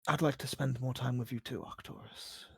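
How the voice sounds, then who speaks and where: A game master doing a shy, hushed young woman. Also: medium pitch, steady tone, normal speed, vocal fry, slightly rough, dry recording, voice pushed down. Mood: tender, quiet. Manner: soft and hushed. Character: gentle young woman, overlooked, shy and fond. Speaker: non-player character.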